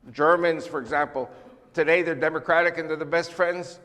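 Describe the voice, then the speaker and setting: An older man from the United States giving an emphatic, animated church talk as a guest speaker. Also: fairly high pitch, a little fast, big-room sound. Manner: emphatic, animated lecturing with sweeping lists. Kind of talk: church talk on world politics.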